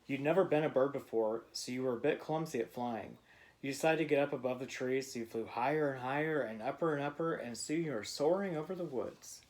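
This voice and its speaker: A man narrating a bedtime story to a child in a gentle, playful way. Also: medium pitch, brisk.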